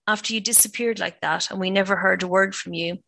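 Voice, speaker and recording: A woman's voice: mid-range voice, fairly even intonation, fairly quick, creaky, pushed and bright, dry recording. A woman reading the lines of an anxious older mother who tries to keep the peace. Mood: flustered. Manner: flustered, placating.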